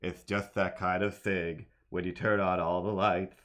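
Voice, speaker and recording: A man's voice: sits low, level tone, measured pace, fairly bright tone, slight background noise. Rambling, playful male streamer. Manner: rambling, sings and meows at his cat. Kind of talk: casual streaming chat while drawing. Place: home apartment.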